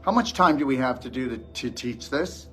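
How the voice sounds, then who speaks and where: A man's voice: medium pitch, animated, moderate pace, fairly bright tone, faint music behind. A man giving a blunt, scolding motivational lecture to a live audience as a wellness show host.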